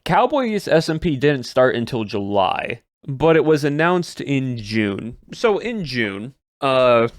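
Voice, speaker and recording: A man's voice: mid-range voice, very animated, slow, no echo. Rambling male streamer, dry sound. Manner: rambling, repeats words, trails off mid-sentence. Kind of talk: casual chat recapping the year to chat.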